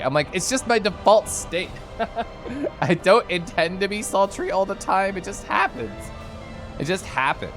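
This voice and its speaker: A man on a live stream talks casually with his audience, his voice slightly high and swinging up and down a great deal. He is playful and chatty, laughing and tossing in silly noises, with soft music faintly underneath. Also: sing-song, moderate pace.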